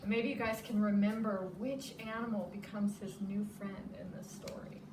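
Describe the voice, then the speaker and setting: A woman preschool teacher reading a children's story aloud in an animated, sing-song way. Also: medium pitch, moderate pace. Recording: echoey room, distant mic, noisy.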